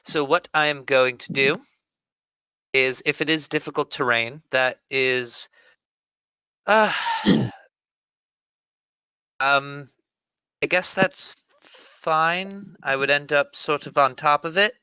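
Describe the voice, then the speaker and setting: A man at a tabletop game who talks slowly and works through his moves with careful questions. His voice is bright and smooth, recorded dry and close to the mic. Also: fairly high pitch, no echo, rough recording. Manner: slow, careful, methodical questions about rules. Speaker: player. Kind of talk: casual tabletop game chat.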